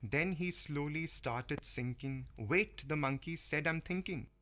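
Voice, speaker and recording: A man from India hosting a community radio show, reading a comic animal poem aloud with slow, measured delivery. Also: on the high side, pushed and bright. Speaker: radio host. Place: radio studio.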